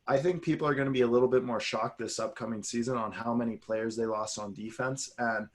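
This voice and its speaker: A man's voice: mid-range voice, fairly even intonation, fairly quick. A man co-hosting a sports podcast, talking casually and animatedly, drifting into tangents. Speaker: podcast co-host.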